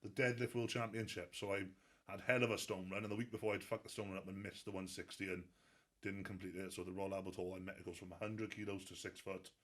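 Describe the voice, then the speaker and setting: Fast-talking Welsh man, low voice. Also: little pitch movement, a bit bright. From Wales. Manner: swearing, laughing, storytelling. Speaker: guest strongman athlete. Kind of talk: casual interview chat.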